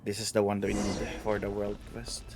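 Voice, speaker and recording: A man's voice: lowish voice, monotone, fairly quick, very noisy. Offhand male game streamer. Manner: offhand, thinking aloud. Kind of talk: casual live-stream commentary.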